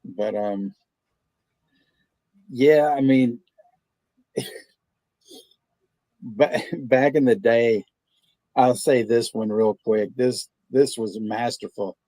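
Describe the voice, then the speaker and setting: A man's voice: medium pitch, extremely slow, long pauses, dark tone, no echo. A man hosting a movie watch party stream, chatting casually and telling stories in a laid-back, profane way. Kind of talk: casual chat.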